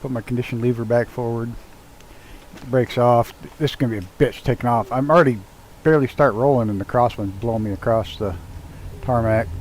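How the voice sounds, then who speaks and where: A man's voice: mid-range voice, fairly quick, a little mellow, a little hiss or hum, rough recording. Laid-back swearing male game streamer. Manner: loose, swears freely, chats with viewers while doing cockpit tasks. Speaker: live streamer. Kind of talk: casual live-stream chat while flying a flight sim. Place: at home with his dog nearby.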